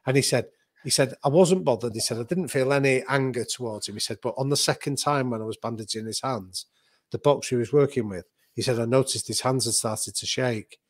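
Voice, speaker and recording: Man telling a lively story. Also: medium pitch, fairly quick, dry recording. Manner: animated storyteller, acts out quoted voices. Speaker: podcast guest. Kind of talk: storytelling in conversation.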